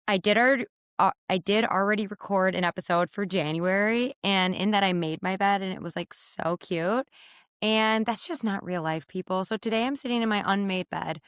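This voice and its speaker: A woman's voice: medium pitch, smooth, no echo, studio quality. Chatty woman podcasting from her bed. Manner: chatty, candid and animated, with quick asides. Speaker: podcast host. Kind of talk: casual solo podcast chat. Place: her bedroom, sitting on her bed. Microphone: podcast microphone.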